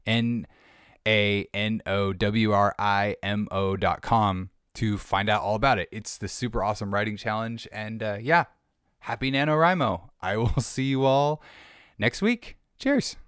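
Talking casually on his podcast, this host rambles and jokes, frequently cutting himself off and starting over. He speaks a little slowly in a lowish, fairly bright, clean voice. It's a studio recording with no room sound.

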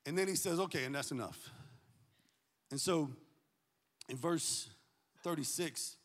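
A man preaches with a fairly high voice, animated and full of jokes. He swings from loud calls to hushed asides, and the sound rings with the long reverb of a big hall. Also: measured pace. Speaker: pastor. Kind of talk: sermon.

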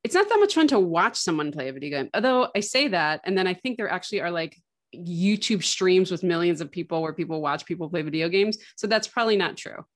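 A woman's voice: on the low side, animated, fairly quick. A woman co-hosting a podcast, chatty and thinking aloud with lots of filler "like"s. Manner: chatty, musing aloud with many "like"s. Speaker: podcast co-host. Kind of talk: casual chat.

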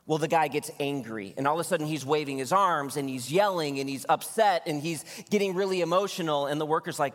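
A male pastor preaching a sermon, telling a personal story in a lively storytelling manner before reading scripture. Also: a little high, brisk. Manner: storytelling, animated when recounting anger. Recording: long hall reverb.

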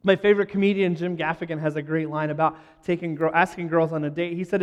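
A man's voice: on the high side, fairly even intonation, fast, long reverb tail. A man telling self-deprecating stories to a live audience, with joking asides and laughter. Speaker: speaker addressing a live audience. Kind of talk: humorous talk to a crowd.

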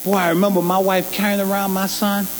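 A man's voice: high voice, little pitch movement, fast. A man preaching a sermon, emphatic and folksy, with loose colloquial grammar and call-and-response to the congregation. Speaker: pastor. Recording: long hall reverb with faint mains hum.

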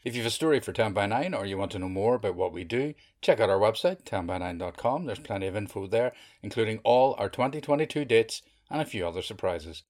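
A man's voice: fairly low pitch, expressive, fast talker, hardly any pauses, a little mellow. A man hosting a storytelling podcast, introducing the next teller in a friendly, upbeat way. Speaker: podcast host.

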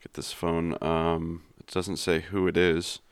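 A man hosting a comedy podcast, quick to anger, swearing and ranting. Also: low voice, monotone, clear, resonant tone. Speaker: podcast host.

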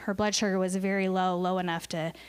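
A woman's voice: on the low side, little pitch movement, fast talker, clean tone. A woman speaking in church as a missionary, telling an emotional story earnestly, with fillers. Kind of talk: church talk.

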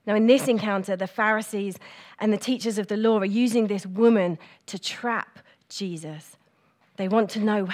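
A middle-aged woman giving a personal, reflective church talk, speaking gently with pauses and fillers. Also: mid-range voice.

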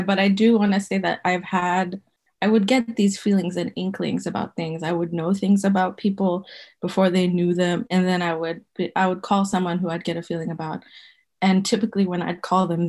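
This woman from Zimbabwe, in her thirties, appears as a guest herbalist and rambles casually through personal stories, leaning on lots of fillers. She has a lowish voice with a somewhat dark tone.

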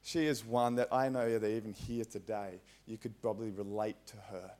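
A man's voice: fairly low pitch, steady tone, moderate pace, a little mellow. A man with an Australian accent preaching a conversational, earnest sermon in a church, with frequent fillers.

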